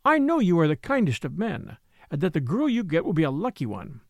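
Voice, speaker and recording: Male narrator putting on a shy, frank young woman; lively lilt, dry sound. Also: a little high, a little fast, vocal fry, dry recording, heavily acted. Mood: hesitant. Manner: hesitant, soft-spoken. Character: young woman, hesitant and frank city girl.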